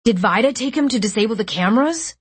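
A woman's voice: on the high side, lively intonation, fast talker, slightly rough, pitched above the performer's own voice. A woman voicing a confused teenage boy in an audiobook, asking bewildered questions. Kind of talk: audiobook character voice.

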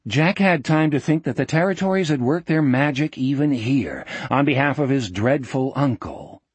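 Husky male audiobook narrator. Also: mid-range voice, no echo. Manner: measured, vivid storytelling.

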